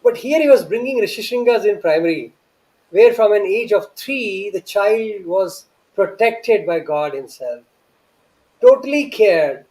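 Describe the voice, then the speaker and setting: A man's voice: high-pitched, dark tone, rough recording. A man, telling an earnest, reverent story from his student days with many restarts and rhetorical questions. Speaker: guest recounting memories.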